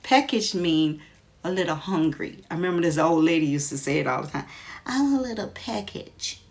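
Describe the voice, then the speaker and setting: A woman's voice: sits low, a little fast. A woman vlogger chatting casually, retelling a story while doing her makeup.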